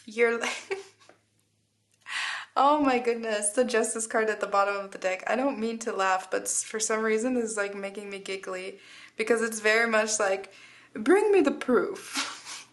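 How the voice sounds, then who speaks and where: A woman's voice: mid-range voice, fairly even intonation, moderate pace, fairly bright tone. A young woman giving a casual tarot reading, chatty and giggly, full of filler words. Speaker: tarot reader.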